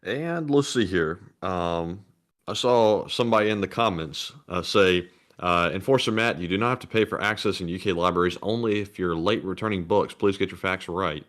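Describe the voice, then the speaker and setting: A man's voice: low-pitched, normal speed, fairly bright tone. A man co-hosting a casual livestream, reading supporter messages aloud in a laid-back way. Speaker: co-host reading donations.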